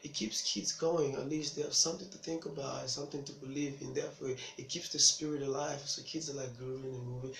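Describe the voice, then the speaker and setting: A man from Africa doing stand-up, telling a story in an animated, chatty way and laughing at his own jokes. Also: medium pitch, brisk, creaky, hardly any pauses, slight background noise. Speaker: stand-up comedian. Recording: roomy echo with faint ambience.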